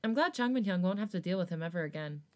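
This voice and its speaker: A woman voicing a kind young man speaking in a soft, gentle tone. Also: lowish voice, animated, fast, lightly acted.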